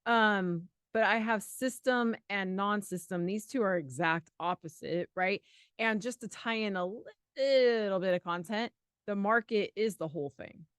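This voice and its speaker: A woman co-hosting a live exam study lesson, chatty and quick to laugh, thinking aloud through answers. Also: mid-range voice, a bit bright, clear, resonant tone, no room sound, clean studio sound. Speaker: exam prep co-host.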